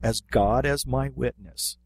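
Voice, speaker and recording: A man's voice: mid-range voice, takes it slowly, slightly rough. A man co-hosting a podcast, telling a funny story in casual chat with lots of fillers and restarts. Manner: animated anecdote telling with many fillers. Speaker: podcast co-host, martial arts instructor.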